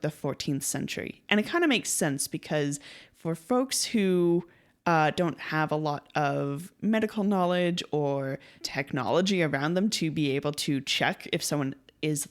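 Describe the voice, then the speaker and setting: A young woman with a fairly low voice for a woman co-hosts a laid-back podcast, telling stories in a chatty way. She performs the quoted lines and laughs readily as she goes.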